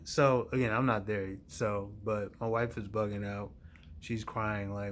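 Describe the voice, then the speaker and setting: Man telling a story in relaxed slang. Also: fairly low pitch, moderate pace, slight background noise. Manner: relaxed, rambling, many fillers and slang. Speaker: vlogger. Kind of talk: casual storytelling to camera.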